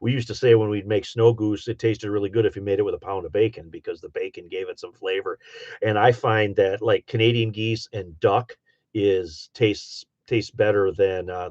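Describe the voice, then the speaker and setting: Folksy Upper Midwest man, low voice. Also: no echo. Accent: Upper Midwest, Michigan. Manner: rambling, folksy, many fillers. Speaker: livestream host reading chat. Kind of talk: casual livestream chat. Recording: dull dry lo-fi sound.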